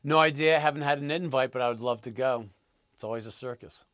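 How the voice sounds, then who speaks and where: A man answering interview questions as an actor guest, halting and thoughtful with many pauses. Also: mid-range voice, a bit bright, dry recording.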